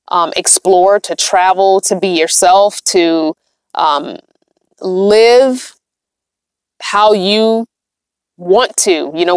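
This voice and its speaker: A woman vlogger who lives in a van chats casually on a livestream from inside it, reading comments aloud and laughing often. Her voice is fairly low and smooth, with no room sound.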